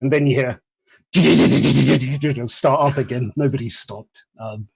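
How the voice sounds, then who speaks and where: A man narrating as game master of a tabletop game, relaxed and rambling. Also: mid-range voice, slow, creaky, husky, poor audio.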